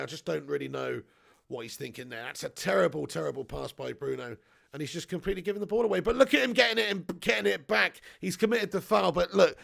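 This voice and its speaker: Gravelly, high-voiced football stream host. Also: male voice. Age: 30s. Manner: chatty, swears, laughs, reads viewer comments. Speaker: host of a live football watch-along. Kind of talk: casual live match commentary and chat.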